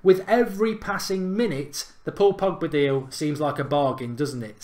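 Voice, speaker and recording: Guy hosting his fan channel, fired-up football rant, a bit high-voiced, keeps hammering the same point. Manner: emphatic, indignant, repeats points for effect.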